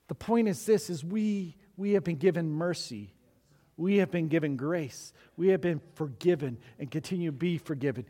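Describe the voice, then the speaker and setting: A male pastor preaching a sermon to his congregation, animated and acting out the voices of the people he quotes, with chuckling asides. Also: on the high side, moderate pace, big-room sound. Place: church.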